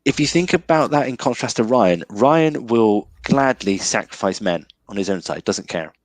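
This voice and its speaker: A man's voice: on the low side, expressive, moderate pace, no room sound. A man talking about a film as a guest in a casual chat, hesitant and full of restarts. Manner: hesitant, restarts with many ums.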